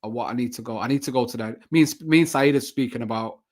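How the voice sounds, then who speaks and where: A young man with a Mancunian accent talks freely about football, circling back through fillers and restarted phrases. His pitch sits in an ordinary middle male range, and the chat stays loose and candid. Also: fast talker, a little mellow. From Manchester, England. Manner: chatty, rambling, frequent fillers and restarts. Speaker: podcast guest, football fan content creator. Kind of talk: casual chat.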